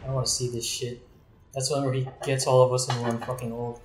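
A man's voice: medium pitch, flat delivery, a little fast, echoey room, a little hiss or hum. A man playing a video game with friends, blunt and dry, swearing and explaining the controls. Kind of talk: casual let's play chat.

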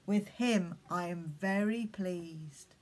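A solemn voice from heaven, slow and measured, as a woman reads it out in a children's story. It has a soft, husky grain. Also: on the low side.

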